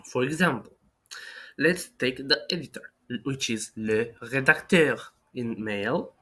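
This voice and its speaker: A man giving an online language lesson, explaining grammar with frequent restarts and fillers and slowing down to show careful pronunciation. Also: mid-range voice, expressive, pushed and bright. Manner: slow, careful pronunciation demonstrations. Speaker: French teacher.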